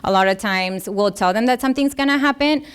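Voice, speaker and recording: A woman's voice: fairly high pitch, brisk, clean tone. A woman giving an informal, earnest talk to parents, slipping into the voices of parents and children as she quotes them. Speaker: parenting workshop presenter.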